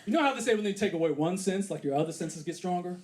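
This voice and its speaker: A man in his thirties performing a stand-up comedy set on a theater stage, acting out scenes with put-on voices and loud exclamations. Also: sits high, expressive, fast talker, background noise. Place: comedy theater stage before a live audience. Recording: live crowd laughter behind.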